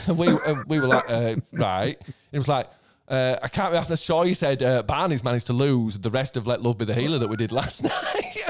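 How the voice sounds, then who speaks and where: A man, a band member reminiscing in relaxed chat, swearing freely and laughing. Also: medium pitch, brisk. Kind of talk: casual chat.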